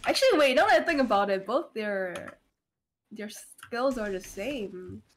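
A woman chatting casually with friends while streaming a shooter game, excitable and quick to laugh and exclaim. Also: mid-range voice, slight background noise. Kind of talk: casual gaming chat with friends.

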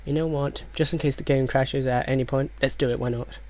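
A man doing let's play commentary in a hushed, low voice, rambling and reading game text aloud. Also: steady tone, brisk.

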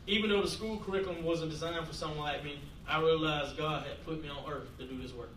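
A man's voice: a little high, quick pace, fairly bright tone, slight background noise. A man, the author, reads his own book aloud as a story with small chuckles, then talks casually. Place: library event room. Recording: echoey room from far off.

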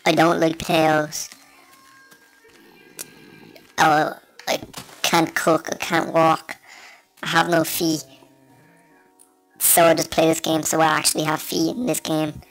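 A man's voice: on the high side, completely flat delivery, unhurried, gravelly, fairly bright tone, faint music behind. A man with a Dublin Irish accent rambles through casual gameplay commentary into a small desktop microphone, cracking crude, self-mocking jokes. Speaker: gamer.

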